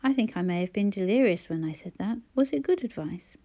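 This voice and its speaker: A woman's voice: medium pitch, expressive, a little fast, mellow. A woman reading the part of a wry, self-mocking woman ill with flu, with dry humour.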